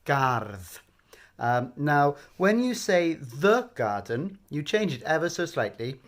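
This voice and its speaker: A man giving a patient, gently coaxing bedtime language lesson. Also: a little high, sing-song, slow pace. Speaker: language teacher.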